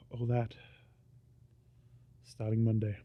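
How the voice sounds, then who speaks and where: Tired Australian man rambling quietly. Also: monotone, very slow. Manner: rambling, quiet and low-key. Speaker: vlogger. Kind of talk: casual walking vlog, rambling monologue. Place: outdoors on a small-town main street at night. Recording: dull lo-fi recording.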